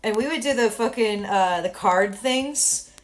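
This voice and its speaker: Give me a young woman with a slightly high voice, joking and swearing in casual chat. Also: unhurried.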